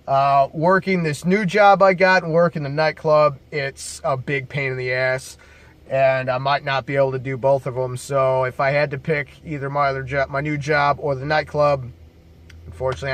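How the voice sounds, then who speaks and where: A man's voice: a little high, a bit bright. A man casually telling bar stories to camera as a bouncer, laid-back, profane and jokey.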